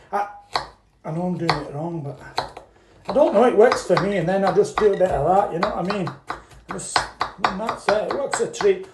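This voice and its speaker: A man with a high voice rambles cheerfully while cooking at home, swearing freely and laughing often. The kitchen sounds roomy and echoey, with a faint hiss of noise underneath. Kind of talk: casual chatty cooking vlog.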